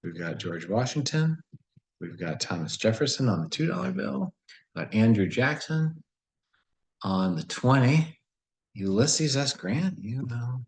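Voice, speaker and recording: A man's voice: mid-range voice, sing-song, measured pace, gravelly, darkish tone, rough recording. A man solving a word puzzle and thinking aloud in a casual, musing way, often questioning himself. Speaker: puzzle solver.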